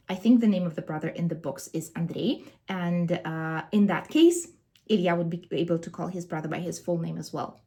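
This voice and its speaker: A woman's voice: lowish voice, darkish tone. A middle-aged woman with a Russian accent, a native Russian speaker who teaches the language, explaining pronunciation carefully with examples in a video lesson.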